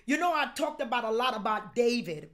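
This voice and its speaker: A woman pastor preaching a sermon, repeating lines and calling on the congregation to answer back, moving between hushed urging and shouted exhortation. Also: on the high side, animated, fairly quick. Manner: call-and-response, repeats phrases.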